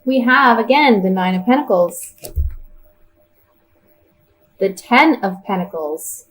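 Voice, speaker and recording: A woman's voice: medium pitch, lively intonation, slow, a bit bright, a little hiss or hum, low-quality recording. A woman giving a tarot reading in a casual, chatty way, thinking aloud as she turns the cards. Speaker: tarot reader.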